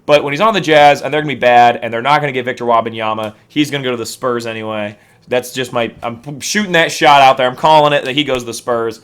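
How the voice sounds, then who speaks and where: A man's voice: medium pitch, fairly even intonation, fast, a bit bright, smooth. A man co-hosting a sports podcast in casual chat, rambling and jokey, often poking fun at himself. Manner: rambling, jokey, self-deprecating. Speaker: podcast co-host.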